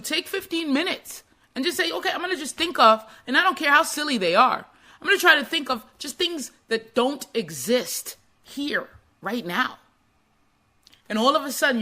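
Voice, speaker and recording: A woman talks straight to her viewers in a lively motivational monologue, her voice bright and a touch high. She slips into quoted voices as she goes. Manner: animated, acts out quoted voices. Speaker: motivational speaker.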